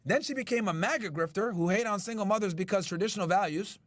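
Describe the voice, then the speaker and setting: A man's voice: high-pitched, fast talker, fairly bright tone, no room sound. A male podcast host in casual chat with his live chat, brash and profane. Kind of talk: casual chat reacting to news.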